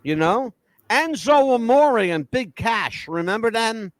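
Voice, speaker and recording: A man's voice: very high voice, expressive, a little slow, no echo. A man hosting a podcast in casual chat, blunt and emphatic, swearing freely. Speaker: podcast host.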